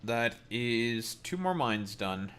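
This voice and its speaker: A man's voice: mid-range voice, big pitch swings, slow, fairly bright tone, clean tone. A man streaming a game, chatting casually with viewers in a crude, profane, teasing way. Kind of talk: casual live-stream chat while gaming. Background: keyboard typing.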